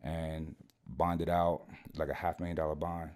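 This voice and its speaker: A man with a low, deep voice tells a story on a podcast. His talk is loose, slangy and full of swearing, and he keeps checking in with his listeners. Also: flat delivery, unhurried, darkish tone. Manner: slangy and profane, keeps saying "you know what I'm saying". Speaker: podcast guest. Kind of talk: casual storytelling.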